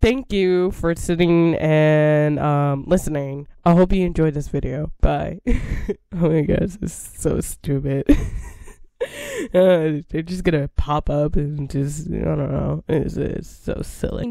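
Woman, gaming creator, casual chat, rambling, repetitive, giggly, slow-paced, dry sound. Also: deep voice, steady tone, gravelly, warm tone, dry recording. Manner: rambling, repeats herself, giggly.

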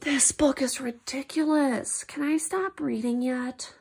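A woman reads aloud to young children in a teaching tone, her high voice climbing and dipping with lively swings. She takes her time, lingers on words, and plays up mock shock at every ridiculous line, with a gravelly fry at the ends of phrases. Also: slow, few pauses. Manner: playful, exaggerated reactions to silly words. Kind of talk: read-aloud lesson for children.

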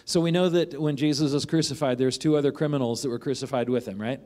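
A man's voice: mid-range voice, steady tone, fast talker, darkish tone. A man preaching a sermon as a pastor, in a conversational way, often asking "right?" and acting out the voices of the people in the passage he reads.

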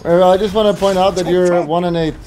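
A man streaming a game with friends, shouting urgent callouts and teasing his teammates. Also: high-pitched, fairly even intonation, a little fast, music in the background, rough recording. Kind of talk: excited gaming commentary.

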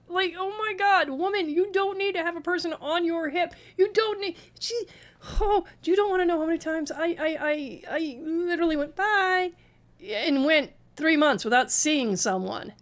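A woman's voice: very high voice, normal speed. A woman hosting a reaction commentary, exasperated and stammering as she talks back at a clip. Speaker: commentary channel host.

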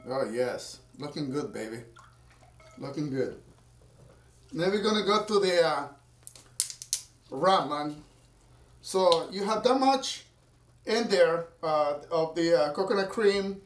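A man's voice: fairly high pitch, lively intonation, slow, long pauses, a little hiss or hum. A man chatting casually to viewers at home while making a drink, rambling as he goes. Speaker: home cocktail maker. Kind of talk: casual cooking vlog. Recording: roomy sound, from far off the mic.

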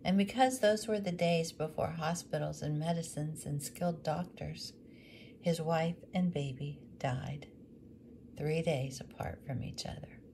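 Slow gentle woman storyteller. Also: sits low, gravelly, a little hiss or hum. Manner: slow, gentle, dropping to near whisper. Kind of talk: reading a picture book aloud.

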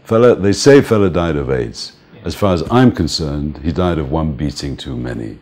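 An older man, a music manager, telling anecdotes in an interview, animated, laughing often and acting out the people he quotes. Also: extremely low pitch, moderate pace.

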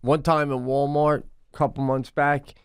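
A man in his forties co-hosting a podcast, chatting casually in an animated, profane way with rapid asides. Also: fairly high pitch, clear, resonant tone, no echo, clean studio sound. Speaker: podcast co-host. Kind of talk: casual chat.

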